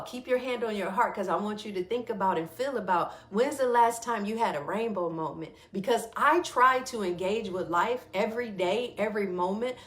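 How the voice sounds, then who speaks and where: Woman talking warmly to listeners. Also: mid-range voice, roomy sound. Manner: warm conversational, often checks in with listeners. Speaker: wellness teacher and host. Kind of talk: casual spoken reflection and guided practice.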